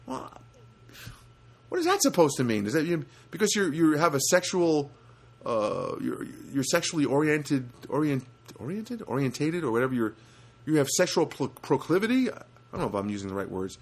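A man spinning a meandering funny story, his pitch swinging widely as he goes. He pauses for asides and restarts, and leaps up high to mimic other people and noises. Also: creaky. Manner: animated, jumps to high pitch for quoted voices and honk sounds; rambling with frequent restarts and asides. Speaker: comedic storyteller. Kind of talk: rambling anecdotal monologue.

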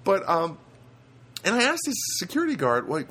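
A man's voice: high voice, huge pitch swings, normal speed, pushed and bright, a little hiss or hum. A man from New Jersey hosting a solo podcast from a studio apartment, rambling casually with many fillers and restarts. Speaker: podcast host.

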